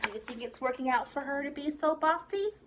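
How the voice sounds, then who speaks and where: Brief: a female preschool teacher reading a story aloud, high and very animated, pausing to ask the class questions. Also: background noise. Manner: expressive, asks the children questions. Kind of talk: reading a picture book to children. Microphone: video recording for a class.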